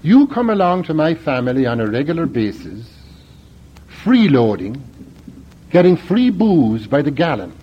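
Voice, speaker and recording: A man's voice: on the high side, big pitch swings, normal speed, husky. A man voicing a hostile young man of about twenty who is bluntly accusing someone, heard in a dull lo-fi recording.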